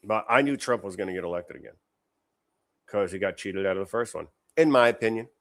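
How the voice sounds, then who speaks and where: A man's voice: fairly low pitch, fairly quick. A man hosting a political commentary show, talking in a sarcastic, indignant, conversational way. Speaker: show host.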